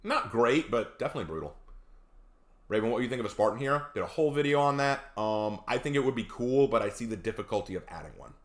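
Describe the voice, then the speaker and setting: A man's voice: medium pitch, animated, fast talker. A man chatting casually on a live stream, reading viewer comments aloud and telling laid-back stories.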